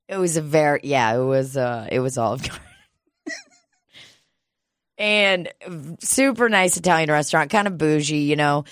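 A woman tells a rambling story in a casual chat, swearing freely and laughing as she goes. Her voice sits a little low. The sound is dry and close. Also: animated, unhurried, pauses often, clear, resonant tone, no echo. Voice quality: profane, laughs often.

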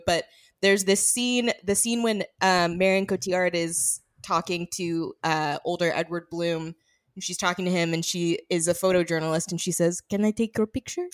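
A woman's voice: fairly low pitch, steady tone, normal speed. A woman co-hosting a movie podcast, chatting casually and animatedly, often slipping into movie quotes. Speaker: podcast co-host. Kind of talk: casual chat.

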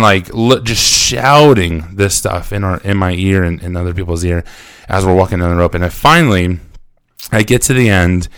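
A man recounting a personal story in a lively way, often acting out what people said to him. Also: low voice, dry recording, studio quality. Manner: animated storytelling, acting out quotes; frequent fillers and restarts. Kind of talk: personal anecdote.

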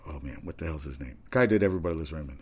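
A man's voice: very deep voice, rapid-fire, husky. A man hosting a casual talk segment, rambling through sports news and comedy anecdotes. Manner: rambling, conversational, with restarts and asides. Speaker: talk show host.

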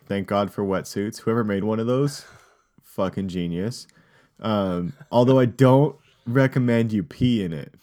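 Rambling, lower-voiced male podcast co-host. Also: a little slow, dark tone. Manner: rambling storyteller, filler-heavy. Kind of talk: casual podcast banter.

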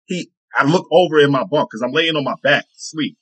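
A man telling profane, animated stories in a casual chat. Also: on the high side, fairly quick, husky, low-quality recording.

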